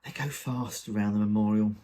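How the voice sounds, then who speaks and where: A man's voice: lowish voice, steady tone, brisk, warm tone. A man reading a comic dramatic monologue in the first person, with a wry, gossipy delivery. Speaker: reader.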